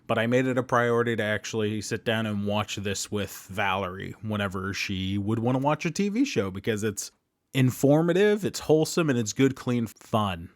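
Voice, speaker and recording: A man's voice: fairly low pitch, expressive, normal speed, no echo. A man in his thirties hosting a casual commentary monologue, chatty, laughing often and jumping into sudden emphasis. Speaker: show host.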